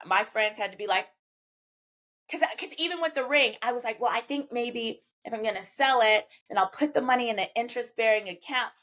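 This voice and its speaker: A woman with a Southern US accent, a podcast guest telling a personal story in an animated, emphatic way, acting out the dialogue she quotes and cursing freely. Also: mid-range voice. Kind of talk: animated storytelling in casual chat.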